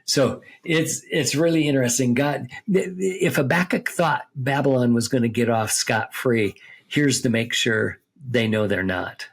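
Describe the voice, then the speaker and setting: Husky man teaching scripture conversationally. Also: mid-range voice, a little slow. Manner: explains step by step, reads scripture aloud, checks with "okay?" and "right?". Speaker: seminary teacher on a podcast.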